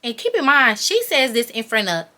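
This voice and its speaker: A woman's voice: a little high, huge pitch swings, moderate pace, bright, forceful tone. Chatty young woman telling a storytime. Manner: chatty, talks straight to viewers as "y'all". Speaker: vlogger. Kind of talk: casual storytime.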